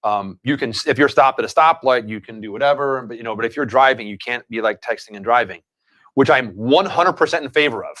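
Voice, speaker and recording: A man hosting a casual live-stream chat who talks at a brisk clip. He wanders through long anecdotes, circling back and piling on asides. His voice sits at an ordinary middle pitch. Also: a bit bright. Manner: rambling anecdotal storyteller. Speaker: livestream show host.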